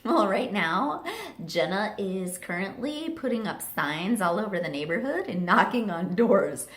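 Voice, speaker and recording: A woman imitating her calm, wry mother, speaking quietly and matter-of-factly. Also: medium pitch, unhurried, natural voice. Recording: roomy echo.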